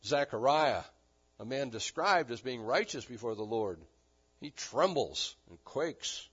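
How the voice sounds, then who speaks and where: A man preaching a sermon, animated and emphatic, with touches of dry humor. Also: mid-range voice, measured pace, husky. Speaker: pastor. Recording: dull lo-fi recording.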